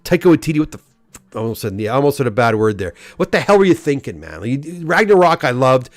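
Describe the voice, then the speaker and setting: A man's voice: medium pitch, big pitch swings, fast talker, no echo. Middle-aged male streamer, opinionated rant, stammers, dry close sound. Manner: opinionated, ranting, stammering restarts. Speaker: host of comic live stream. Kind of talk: casual live-stream chat reading comments.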